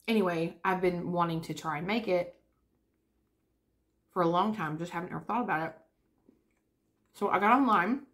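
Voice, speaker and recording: A young woman chatting casually to camera while eating lunch. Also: on the low side. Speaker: vlogger. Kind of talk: casual chat.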